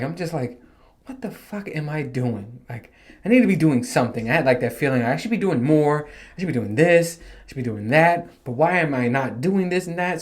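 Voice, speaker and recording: A man's voice: mid-range voice, darkish tone. A man hosting his own podcast in casual solo chat, rambling, self-deprecating and swearing freely. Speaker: podcast host.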